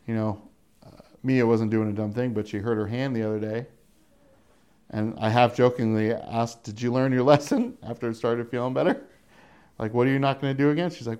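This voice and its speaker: A man's voice: medium pitch, fairly even intonation, a little fast, darkish tone, clean tone. A middle-aged man giving casual verse-by-verse Bible teaching, talking conversationally, chuckling often and acting out the voices he quotes. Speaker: pastor teaching a Bible study.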